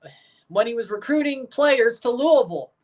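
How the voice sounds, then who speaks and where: A very high-pitched man from the Mississippi Delta, USA, speaks at a moderate pace with lively intonation, sounding far from the mic. He's a streamer reacting to a football match on a livestream watchalong, joking and rambling with plenty of asides and self-corrections.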